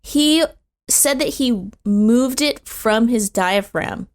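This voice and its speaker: A woman's voice: fairly high pitch, slow. A woman co-hosting a podcast in casual chat, slangy, calling her co-host dude and bro.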